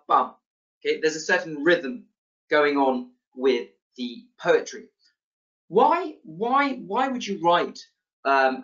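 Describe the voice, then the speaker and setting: A man teaching a casual literature lesson, relaxed, with many fillers and restarts. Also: on the high side. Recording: slightly dull lo-fi sound.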